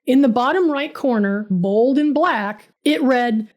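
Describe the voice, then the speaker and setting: A woman's voice: high voice, animated, unhurried, hardly any pauses, darkish tone. A woman narrating her own first-person story, dramatic and bitter in tone.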